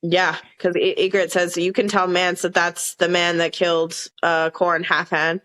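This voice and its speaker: A woman's voice: lowish voice, little pitch movement, moderate pace, a bit bright. A woman with a Southern US accent co-hosting a podcast, rambling casually through episode scenes and quoting lines. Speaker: podcast co-host. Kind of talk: casual chat recapping a TV episode.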